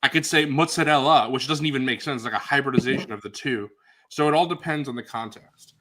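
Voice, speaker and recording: A man's voice: mid-range voice, fast, a bit bright. A man with a New York accent co-hosting a casual livestream chat, rambling and joking. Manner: rambling, jokey. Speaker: co-host.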